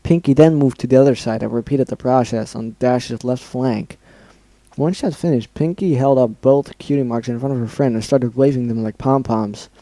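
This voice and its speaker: A man's voice: medium pitch, normal speed, dark tone, no room sound, low-quality recording. A young man reading fan fiction aloud as an amateur dramatic reading, often stumbling over words and correcting himself.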